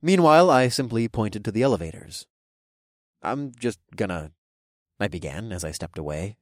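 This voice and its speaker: A man's voice: lowish voice, sing-song, brisk, dry recording. A young man reading first-person narration in a wry, casual storytelling manner on a close mic. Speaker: audiobook narrator.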